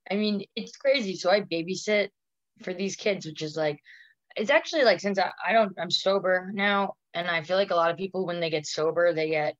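A woman's voice: lowish voice, fairly quick, no echo, muffled recording. A woman in her thirties, a comedian guest telling stories in casual podcast chat, rambling and full of "like". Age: 30s. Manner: rambling storyteller, filler-heavy "like".

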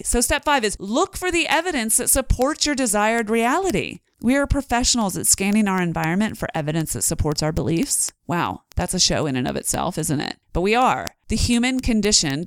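A woman's voice: mid-range voice, dry recording, studio quality. A woman hosting a podcast, talking earnestly about mindset and acting out the inner voices her listeners might hear. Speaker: podcast host. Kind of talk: motivational podcast monologue.

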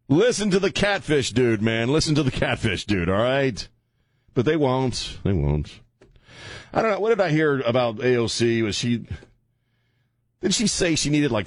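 A man from Louisiana hosting a talk radio show, ranting bluntly and rambling with animated swings. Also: mid-range voice, no room sound. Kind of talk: opinionated talk radio monologue. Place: radio studio.

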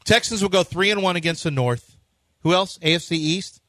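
A man hosting sports radio, making brash, boastful predictions in loud banter. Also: high-pitched, brisk, dry recording.

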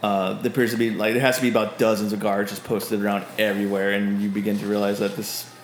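A man's voice: lowish voice, flat delivery, quick pace. Male game master, hesitant rambling narration, roomy recording. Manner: rambling, hesitant, with many fillers and restarts. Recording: roomy echo with faint noise.

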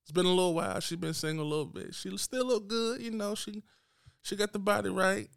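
A man hosts his podcast in a blunt, unapologetic solo rant, talking straight at his listeners. His voice sits a little high with a gravelly, fry-laden edge. The sound is dry and close. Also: brisk, dry recording. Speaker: podcast host.

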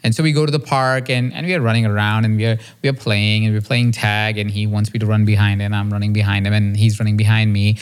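A man's voice: fast talker, few pauses, clean tone. A man hosting a podcast interview, telling a personal story in an earnest, reflective way with casual "like" and "right?" fillers. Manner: acts out quoted dialogue with a raised, lively pitch. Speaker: podcast host.

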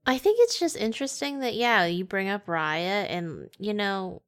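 A woman in casual podcast chat reviewing a movie, wry and quick to laugh. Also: mid-range voice, expressive. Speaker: podcast co-host.

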